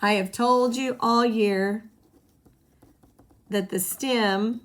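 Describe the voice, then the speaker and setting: A woman's voice: a little high, fairly even intonation, drawn-out words. A woman teaching a Spanish grammar lesson to her students, patiently explaining and having them repeat rules back. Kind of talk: classroom lesson at a whiteboard.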